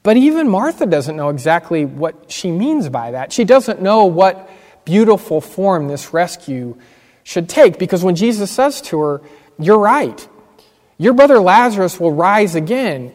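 A man's voice: high voice, a little mellow. A man preaching a sermon as pastor, earnest and emphatic, repeating key phrases. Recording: long hall reverb.

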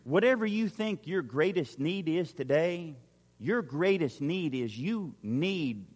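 Preaching slowly in a voice on the high side, this animated, slightly mellow pastor fills a large church hall and its crowd with big-room sound. He relies on repetition to build his argument and dramatizes every quoted line.

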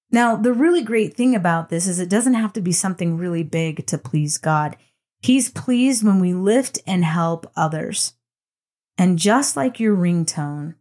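A middle-aged woman tells a faith story in an earnest, expressive way. She slows right down on key moments and leans into emphasis. Her voice sits a little low for a woman. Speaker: speaker giving a devotional talk. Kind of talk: storytelling devotional talk.

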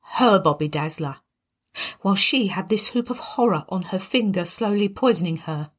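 A woman's voice: medium pitch, lively intonation, normal speed, breathy edge. A woman narrating a darkly comic story in a wry, dramatic way.

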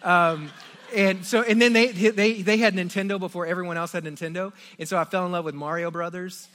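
A middle-aged man from Texas, a pastor giving a sermon before a congregation, telling jokey personal stories with big swings between loud and quiet. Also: high-pitched, steady tone, fairly quick. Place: church auditorium before a congregation.

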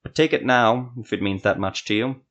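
A man voicing a calm, smug male sorcerer in a fantasy audio story, speaking in a needling way. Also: lowish voice, brisk, highs cut off.

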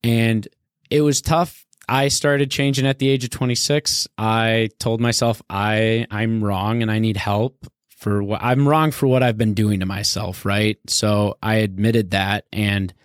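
A man with a low voice chats frankly as a podcast host, easygoing, with the odd swear word. The recording is dry and close, with no room sound. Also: steady tone, measured pace, smooth, no echo. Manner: frank, conversational, mild swearing. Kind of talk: casual interview chat.

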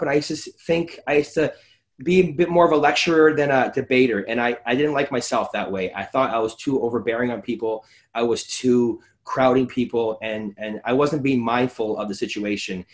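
A man, a physiotherapist hosting a casual podcast chat, animated and acting out his talks with patients. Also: medium pitch, a little fast. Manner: animated, acts out conversations with patients.

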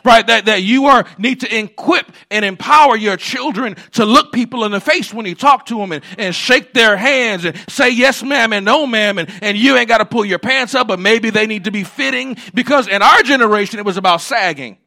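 Pastor, man, high bright gravelly voice; conversational sermon delivery with hushed asides and shouted peaks. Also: moderate pace, few pauses. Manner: conversational preaching, swings between hushed asides and shouted points.

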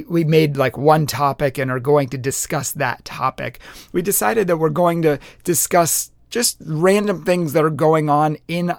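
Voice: medium pitch, vocal fry, no echo, studio quality. A podcast host in a casual monologue who talks in an exasperated, rhetorical way, laughs often and leans on many fillers.

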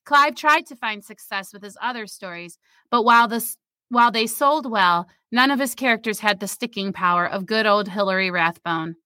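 Woman, writer, reads own fiction with lively delivery; clear bright tone, close dry mic. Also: mid-range voice, moderate pace, no room sound. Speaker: writer reading her own story. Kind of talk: reading a short story aloud, then casual chat.

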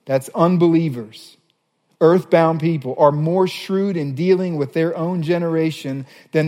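A man preaching a sermon as a pastor, animated, reading scripture passages aloud. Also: on the high side, measured pace, long reverb tail.

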